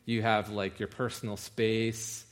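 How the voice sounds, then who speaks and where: Man preaching a casual, lower-pitched sermon. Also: flat delivery, unhurried. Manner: conversational, rising with emphasis.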